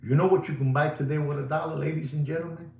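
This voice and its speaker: A middle-aged man hosting a live watch sales show. He is repetitive and showy, swings between booming and hushed delivery, and slips Spanish words into his English. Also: fairly even intonation, fast talker, vocal fry, lo-fi sound. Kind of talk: live sales pitch to viewers. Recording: roomy echo.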